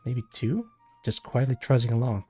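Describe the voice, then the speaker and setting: A man reads a web novel aloud on a live stream, narrating in the first person and breaking off for casual asides. His voice is mellow and dark. Faint music plays behind him. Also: mid-range voice, moderate pace, husky. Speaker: live-stream story reader.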